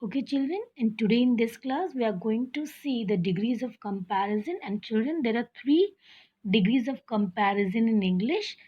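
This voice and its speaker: A woman teacher giving a slow, patient grammar lesson to children, often calling them "children" and checking that they understand. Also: on the high side, animated, slightly rough. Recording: dull lo-fi recording.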